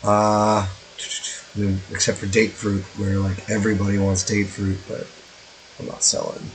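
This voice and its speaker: A man's voice: fairly low pitch, monotone, measured pace, gravelly, slight background noise, poor audio. A man streaming a strategy game, chatting casually in a rambling, joking way with profane asides. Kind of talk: casual let's-play commentary.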